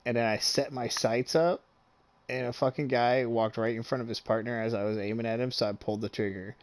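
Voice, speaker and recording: A young man in relaxed, casual chat, retelling a gaming story with plenty of swearing and frequent laughter. His voice sits at an ordinary middle pitch, and the sound is close and dry, with no room echo. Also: a little fast. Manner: animated, swears freely, laughs often. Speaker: gaming streamer.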